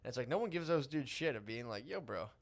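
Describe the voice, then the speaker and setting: A man's voice: mid-range voice, expressive. A man co-hosting a podcast, telling rambling crude stories in casual chat. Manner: rapid, rambling, crude storytelling. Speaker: podcast co-host.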